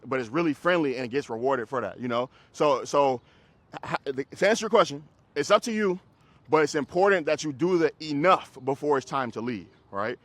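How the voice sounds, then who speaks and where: A man who trains dogs, coaching a group class in a casual, hands-on way, giving quick commands to dogs and explanations to owners. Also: on the high side, fairly bright tone, no echo. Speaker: dog trainer.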